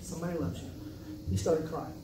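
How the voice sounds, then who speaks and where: A man from South Carolina, an author, talks fairly quickly in a slightly high voice with fairly even intonation. His speech is a casual, joking account of his own writing, conversational and sprinkled with asides. Recorded at an indoor event venue, the sound is roomy and noisy, with the mic far off.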